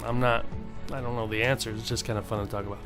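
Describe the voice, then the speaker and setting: Earnest rambling man over soft music. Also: mid-range voice, flat delivery, fast. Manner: rambling, earnest, many fillers and restarts. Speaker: vlogger. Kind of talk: casual motivational monologue.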